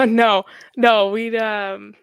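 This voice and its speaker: A woman's voice: on the high side, fairly even intonation, drawn-out words, clear, resonant tone, no echo, clean studio sound. A young woman in her twenties, a hockey goaltender guest, chatting casually with many fillers and laughs. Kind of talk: casual podcast chat.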